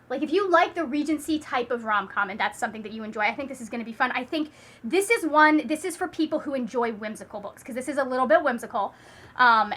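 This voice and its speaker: Brief: high, bright woman as a chatty book vlogger who gushes and rambles. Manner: gushing and chatty, full of "like" and restarts. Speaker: book reviewer. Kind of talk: casual vlog chat.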